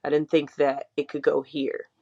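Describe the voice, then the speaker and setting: Her low-pitched, mellow voice stays flat at a normal speed as she co-hosts a podcast. The young adult woman chats candidly and rambles, using "like" often and swearing frankly, over dull lo-fi sound.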